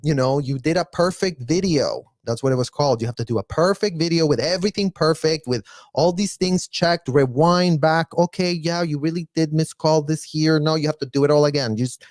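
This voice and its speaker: A man giving casual, blunt reaction commentary, animated and mocking, with mild profanity. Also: on the high side, fairly quick, dry recording, studio quality. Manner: animated, mocking, mimics others in exaggerated voices. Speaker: live reaction streamer.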